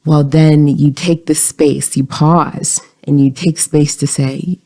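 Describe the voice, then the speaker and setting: A podcast host giving calm, explanatory self-help advice in a coaching tone. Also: mid-range voice, takes it slowly.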